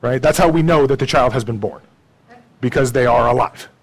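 On a rough recording, a man preaching as a pastor speaks a little fast in a conversational way. His points end with "right?" or "okay?", and his delivery shifts between soft, low asides and emphatic, raised lines.

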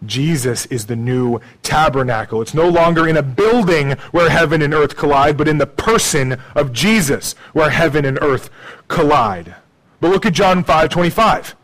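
Pastor preaching, chatty and emphatic. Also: male voice, animated, normal speed, low-quality recording. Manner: conversational preaching, frequent "okay?" and "right?" tags; swings between soft low asides and raised emphatic lines. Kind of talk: sermon.

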